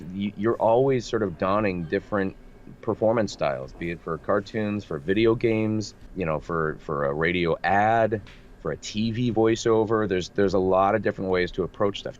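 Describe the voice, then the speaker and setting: Lively man with a low voice, lo-fi. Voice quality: nasal. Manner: animated, self-deprecating, lots of restarts. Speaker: voice actor guest. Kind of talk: casual interview chat. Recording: dull lo-fi remote audio with faint noise.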